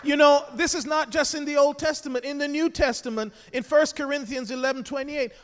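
A man as pastor delivering an impassioned sermon with hallelujahs, swinging between hushed, intimate lines and loud exhortation. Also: very high-pitched, steady tone, brisk. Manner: repetitive call-and-response preaching with hallelujahs. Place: church sanctuary. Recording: long church hall reverb.

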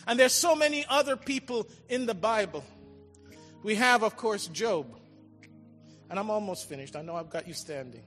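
A man preaching a sermon with a high, bright voice. His delivery swings from ringing calls down to hushed, drawn-out lines. His voice rings through a large hall with a long echo, and soft music plays underneath. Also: expressive. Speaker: pastor.

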